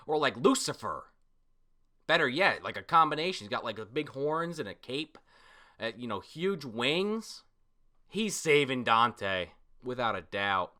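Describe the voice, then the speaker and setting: A man giving a casual, excitable manga reaction and recap, full of fillers and the odd curse when surprised. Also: medium pitch. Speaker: manga reviewer.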